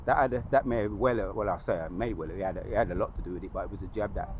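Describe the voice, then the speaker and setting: A man's voice: low voice, rapid-fire, a little hiss or hum. A man preaching outdoors by a lake in an emphatic, repetitive way, often restarting his sentences and quoting scripture. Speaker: street preacher.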